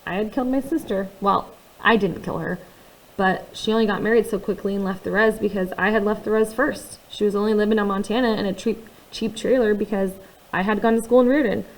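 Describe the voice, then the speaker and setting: A woman narrating a first-person novel in a quiet, confiding way, with conversational asides to the listener. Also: mid-range voice, steady tone, fairly quick, low-quality recording. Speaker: audiobook reader.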